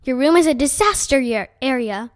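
A stern, exasperated mother scolding her children in a storybook reading, voiced by a woman narrator. Her voice sits high and sharp, and it gets louder as she snaps her orders. The reading is close and dry. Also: expressive, normal speed, dry recording. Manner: sharp, raised, scolding delivery.

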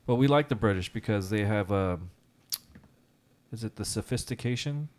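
A man co-hosts a casual podcast in a lower register. He tells stories in an animated way and acts out the people he quotes. He leans on fillers like "right?" and "you know.". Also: moderate pace. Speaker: podcast co-host and teacher. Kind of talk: casual chat.

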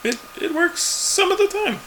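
A man's voice: very high voice, animated, normal speed, bright, forceful tone, a little hiss or hum. A man chatting casually as a podcast co-host, laid-back and chuckling, acting out quoted lines. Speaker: podcast co-host recapping a TV episode. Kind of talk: casual chat.

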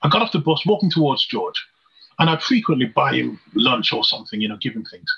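A man's voice: mid-range voice, big pitch swings, fairly quick, gravelly, bright, forceful tone, slightly rough. A man preaching a sermon, telling a personal testimony in an earnest storytelling way with rhetorical questions. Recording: dull lo-fi recording.

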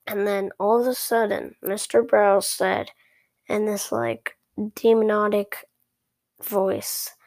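Chatty storyteller woman with vocal fry. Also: medium pitch, slow pace, a little mellow, no echo. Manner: chatty and rambling, with sarcastic asides. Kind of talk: casual first-person story narration.

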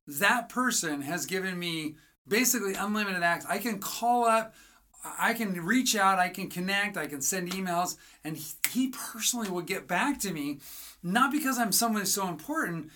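Bright, energetic writing coach. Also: mid-range voice, normal speed. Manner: energetic, asks rhetorical questions, acts out dialogues. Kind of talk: motivational teaching talk.

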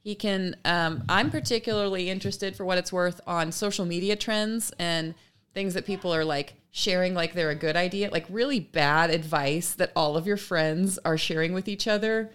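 A woman co-hosting a podcast in casual chat, agreeable and quick to chime in with short affirmations. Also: on the low side, fairly bright tone, clear, resonant tone. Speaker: podcast co-host.

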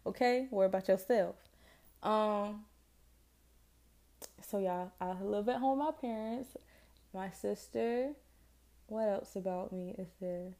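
A woman's voice: medium pitch, slow, long pauses, mellow. Chatty Southern woman in her twenties. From Jacksonville, Florida, US. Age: 20s. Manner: chatty, rambling, self-deprecating, slangy. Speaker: podcast host. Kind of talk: casual solo podcast chat.

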